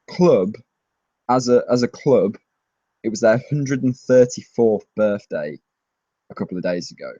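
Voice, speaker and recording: Young male streamer, low-ish voice, eager rambling fan talk, dry close sound. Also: dry recording. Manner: excitable, rambling fan chatter. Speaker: streamer answering viewer questions. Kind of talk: casual live-stream Q&A. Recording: dry, slightly dull lo-fi mic.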